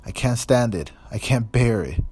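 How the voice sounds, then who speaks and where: A man's voice: medium pitch, lively intonation, normal speed, darkish tone, pitched above the performer's own voice. Man doing a pleading teenage girl. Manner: pleading, breathy.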